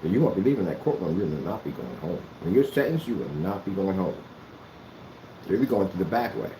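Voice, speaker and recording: His deep voice has a sing-song quality and a brisk pace as this vlogger rants at someone to camera. The scolding is sarcastic and repetitive, and the echoey room carries background noise.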